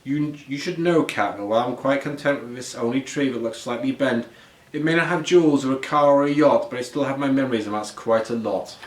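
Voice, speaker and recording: A man voicing a kindly, lonely old woman who speaks gently and soothingly in a read-aloud storybook. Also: mid-range voice, brisk, far from the mic, natural voice. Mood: content. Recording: roomy echo.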